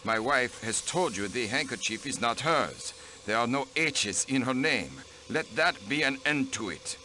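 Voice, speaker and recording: A man's voice: mid-range voice, lively intonation, unhurried, pushed and bright, a little hiss or hum. An actor playing a haughty, cold male diplomat in a video game, speaking in clipped, dismissive lines. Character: haughty middle-aged male diplomat count.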